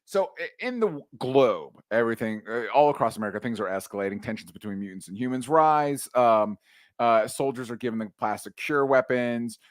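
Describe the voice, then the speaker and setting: A man's voice: medium pitch, fairly quick, dry recording, clean studio sound. Laid-back man recapping a film. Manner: relaxed, loose, swears freely. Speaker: podcast co-host. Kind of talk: casual movie recap chat.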